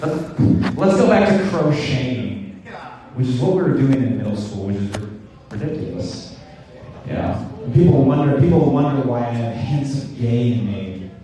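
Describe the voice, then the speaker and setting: A young man does a rambling, self-deprecating stand-up comedy set, full of stammered restarts. His medium-pitched voice is warm, with lively intonation and a normal speed, and the mic picks him up from a distance in an echoey room.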